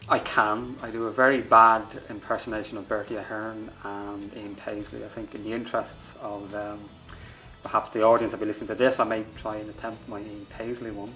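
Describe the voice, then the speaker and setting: A man's voice: lowish voice, level tone, fairly quick, sharp tone, faint music behind, rough recording. A man with a Dublin accent, a politician giving jokey, self-deprecating interview answers.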